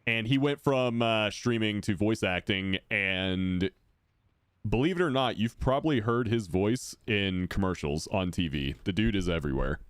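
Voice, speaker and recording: A man with a deep voice chatting casually and rambling while he streams a game. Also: moderate pace, smooth, no echo, clean studio sound. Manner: rambling, self-correcting, laid-back. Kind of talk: casual chat while gaming.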